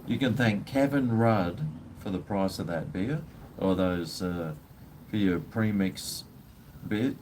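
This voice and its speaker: A man's voice: lowish voice, a little hiss or hum. An Australian man hosting a casual live stream, rambling and blunt, swearing freely while drinking beer.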